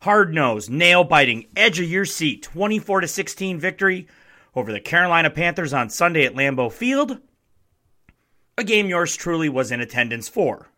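A young man from Wisconsin with a Midwestern American accent hosts a casual sports podcast from his home basement. His fairly high voice is strained and a little hoarse from shouting, and he talks at a moderate pace in an excitable, sarcastic, emphatic way.

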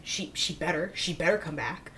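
A woman co-hosting a podcast, chatting casually and gushing with excitement, with lots of fillers. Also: low-pitched, moderate pace, a crowd in the background. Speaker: podcast co-host. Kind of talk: casual fan chat.

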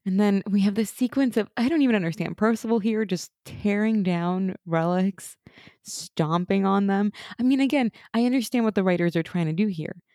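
A woman's voice: mid-range voice, no echo, clean studio sound. A woman co-hosting a podcast, chatting casually through an episode recap and mocking characters in quoted lines. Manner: animated, mocking voices in quotes. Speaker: podcast co-host.

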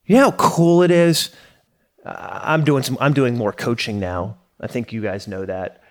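A man's voice: medium pitch, normal speed. A middle-aged man, a business coach, talking casually and energetically to his community, correcting himself and pushing points with emphatic bursts.

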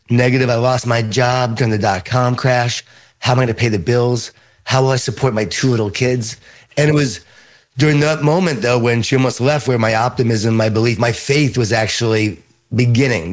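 Man with a Long Island accent. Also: mid-range voice. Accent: Long Island New York. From Long Island, New York. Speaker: author and leadership speaker. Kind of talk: interview storytelling.

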